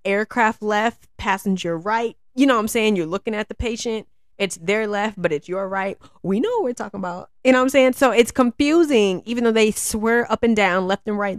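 A woman's voice: medium pitch, dry recording, clean studio sound. An American woman, a flight attendant, chatting casually and venting about passengers, often laughing and mimicking them. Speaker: podcast host, flight attendant. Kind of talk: casual chat, ranting.

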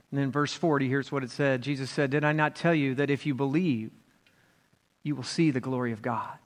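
A man preaching a sermon as pastor, building to an animated, rousing delivery. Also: mid-range voice. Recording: long church reverb.

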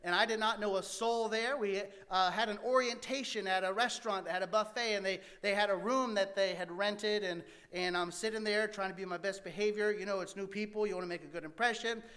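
A man with a slightly high voice tells a personal story from his past. He talks earnestly and haltingly, full of fillers and restarts. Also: steady tone, bright, forceful tone. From American Midwest. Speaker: speaker sharing his life story.

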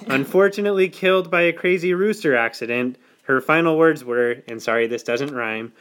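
A man's voice: on the high side, brisk, fairly bright tone. A man hosting a podcast, chatting casually, laughing often and reading playful rhyming verse. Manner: giggly, reads playful rhymes. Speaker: podcast host.

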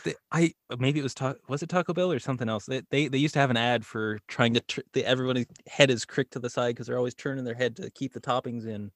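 A wry man who works as a voice actor, chatting as a podcast guest. He stammers and restarts phrases as he talks. His voice is at a middle pitch, recorded dry and close with no room sound. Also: fast, few pauses, no echo. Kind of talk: casual chat.

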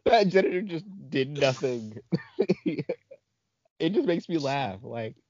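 A man hosting a casual podcast chat, animated and laughing often. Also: a little high, takes it slowly, no room sound. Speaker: podcast host. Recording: dull lo-fi recording.

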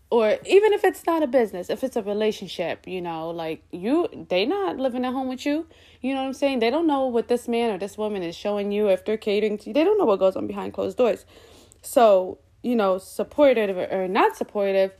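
A fairly high-voiced woman talks straight into the mic for her own podcast. Her delivery is loose and unscripted, with slang and cursing throughout. When she quotes other people, she briefly takes on their voices. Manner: candid, slangy and profane; animated, slips into voices when quoting people. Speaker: podcast host. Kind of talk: casual solo podcast monologue.

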